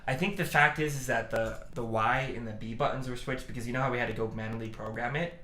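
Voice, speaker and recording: A man's voice: mid-range voice, fairly even intonation, fast, sharp tone, roomy sound, a little hiss or hum. A man co-hosting a casual stream, rambling loosely and laughing often. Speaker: podcast co-host.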